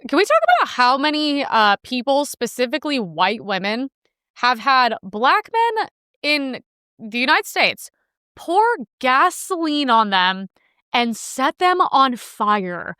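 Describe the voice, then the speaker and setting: A young woman hosts her own commentary show, delivering sarcastic, rambling takes full of fillers. Her voice sits a little high, with a bright, smooth tone, and her pitch swings widely as she talks. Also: animated, unhurried, no room sound, studio quality. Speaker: host. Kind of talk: casual commentary reacting to news clips.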